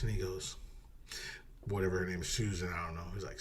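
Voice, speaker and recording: A man co-hosting a podcast, casually retelling a movie plot in a rambling, animated way, swearing and acting out quotes. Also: low voice, fast talker, slightly rough. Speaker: podcast co-host.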